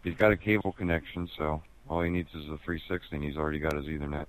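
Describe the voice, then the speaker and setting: Low-voiced laid-back guy. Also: fairly even intonation, fast. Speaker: friend in group chat. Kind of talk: casual chat.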